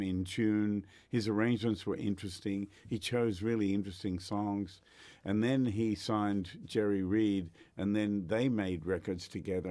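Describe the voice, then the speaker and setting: An older Australian man, a guest musician, telling stories in a chatty, animated way with lots of fillers in a radio interview. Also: fairly low pitch, no room sound. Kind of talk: casual storytelling in a radio interview.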